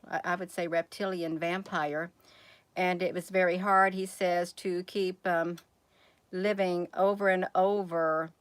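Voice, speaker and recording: A woman's voice: lowish voice, fairly bright tone, dry recording. A woman hosting a casual vlog, rambling and asking her viewers one question after another. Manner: rambling, asks viewers many rhetorical questions; addresses viewers as "you all". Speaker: channel host.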